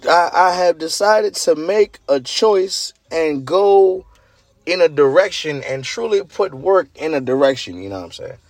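A man with a hoarse, groggy voice, hosting his own show and telling a story in casual chat, swinging between loud hype and murmurs. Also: sits high, no echo. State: hoarse, lost voice. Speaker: show host.

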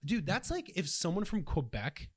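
A man's voice: high-pitched, huge pitch swings, normal speed, breathy edge. A young man from Canada co-hosting a casual podcast, ranting with lots of swearing and mock voices. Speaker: podcast co-host. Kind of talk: casual chat.

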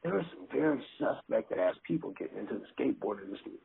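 A man with a gravelly voice rambles in casual chat, full of fillers and curse words. The sound is thin and phone-like, with faint noise underneath. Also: mid-range voice, expressive, fast.

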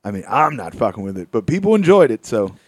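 A man hosting a podcast, chatting casually with laid-back jokes and animated asides. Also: lowish voice, quick pace, breathy edge, dry recording. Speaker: podcast host, comedian. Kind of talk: casual chat.

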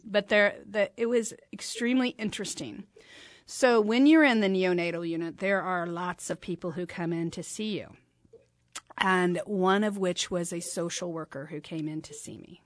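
A woman's voice: on the low side, moderate pace, no room sound, studio quality. A middle-aged woman hosting a talk show, telling a personal story and acting out the dialogue. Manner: animated, acts out quoted dialogue. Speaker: host.

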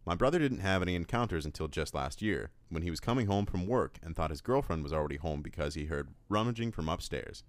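A very low-voiced man with a lively, swinging delivery reads listener stories on a podcast. His tone is dry and teasing. The sound is close and dead, with no room in it. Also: fast, hardly any pauses, no echo. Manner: dry, playful delivery with frequent laughs. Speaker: podcast co-host reading listener emails. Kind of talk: casual podcast chat, reading emails aloud.

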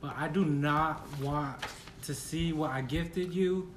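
A man's voice: fairly high pitch, slow, a little hiss or hum. A man chatting casually on a podcast, chiming in with short reactions and laughter. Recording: echoey room.

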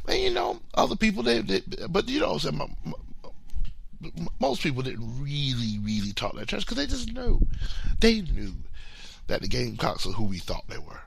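A man's voice: a little high, huge pitch swings, normal speed, gravelly, a bit bright. A man co-hosting a podcast, talking sports casually with playful trash talk, often repeating words as he starts a sentence. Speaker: podcast co-host.

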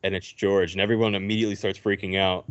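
Brief: low-voiced male host, chatty film recap, dull lo-fi sound. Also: fast. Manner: animated retelling, acting out characters' lines. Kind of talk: casual movie recap. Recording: dull lo-fi recording.

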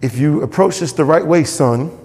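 A man preaching a sermon as pastor, animated, jumping up in pitch when he voices quoted characters. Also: moderate pace, big-room sound.

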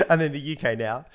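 A man's voice: a little high, a bit bright. A man co-hosting a podcast, chatting casually, laughing often and full of slang. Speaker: podcast co-host. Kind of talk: casual chat.

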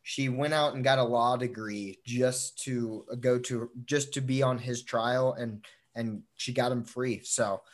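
An excitable young man co-hosting a casual podcast. He talks at a middling pitch, swears freely and laughs easily. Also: a little slow, hardly any pauses. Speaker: podcast co-host.

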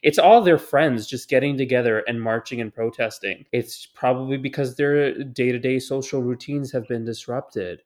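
A young man with a mid-pitched voice chats casually on a podcast over a remote call from home. His delivery is dry and sarcastic. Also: normal speed, few pauses, a little mellow. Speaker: podcast co-host. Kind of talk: casual chat.

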